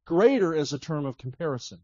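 A man preaching a revival sermon in a church, reading scripture with rising emphasis and sinking low and quiet to pray. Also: sing-song, fairly quick, dry recording, lo-fi sound. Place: church meeting hall.

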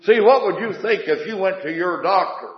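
A man's voice: high-pitched, normal speed, echoey room, muffled recording. A man preaching a revival sermon in a folksy way, asking the congregation questions and telling homespun jokes.

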